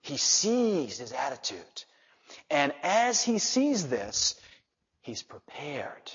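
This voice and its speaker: A man preaching a sermon with animated delivery, swinging from soft asides to loud emphasis, with a slightly husky voice. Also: fairly high pitch, slow. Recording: dull reverberant hall sound.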